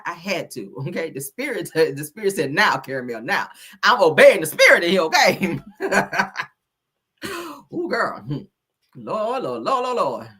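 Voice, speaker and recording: A woman's voice: fairly low pitch, slightly rough. A woman hosting a casual comedic livestream, laughing often and swearing, with frequent exclamations to the Lord. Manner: loud, laughing, preachy exclamations and profanity. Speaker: livestream host.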